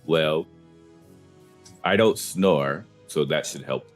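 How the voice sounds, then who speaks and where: A man's voice: extremely low pitch, slow, soft background music, voice pushed down. A man voicing a big-chested, earnest male adventurer who sounds puzzled yet self-assured.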